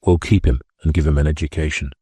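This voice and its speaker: Man as a resolute rebel leader, matter-of-fact, low dark voice, dry sound. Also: fairly even intonation, fast talker, husky, dry recording, heavily acted. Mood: decisive.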